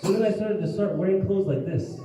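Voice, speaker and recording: A man's voice: sits high, brisk, slight background noise. A man giving a mosque lecture, telling stories and acting out the voices of the people in them. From United States. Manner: animated storytelling, acts out quoted voices. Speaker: mufti giving a religious lesson. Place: mosque hall. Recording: echoey distant hall recording, dull sound.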